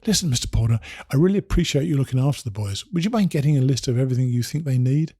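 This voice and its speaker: A man voicing a matter-of-fact mother who lays out unsettling details in an even, unbothered way. The voice is mellow and a little husky, and the recording is dry and close. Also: medium pitch, racing, no room sound. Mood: calm.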